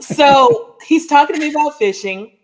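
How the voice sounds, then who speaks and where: A woman co-hosting a podcast, telling a lively personal story in casual chat and acting out the dialogue as she goes. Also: high-pitched, normal speed. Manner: animated storyteller, acts out dialogue, frequent "like" and "oh my gosh". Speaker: podcast co-host.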